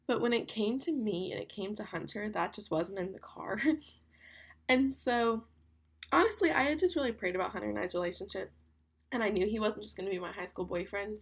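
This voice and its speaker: Young woman podcast host, creaky and husky, candid chatty delivery. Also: medium pitch. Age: young adult. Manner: chatty, candid, fast with lots of "like". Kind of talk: casual solo podcast talk.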